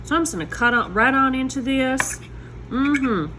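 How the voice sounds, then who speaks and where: A woman, showing desserts in her home kitchen in a chatty, excitable way, talking to viewers. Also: high voice, moderate pace, noisy background. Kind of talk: casual cooking video. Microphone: phone.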